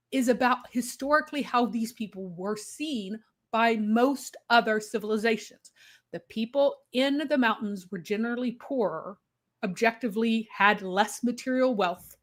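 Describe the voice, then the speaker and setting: A woman co-hosting a live discussion, explaining points emphatically with quick asides. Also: a little high. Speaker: co-host.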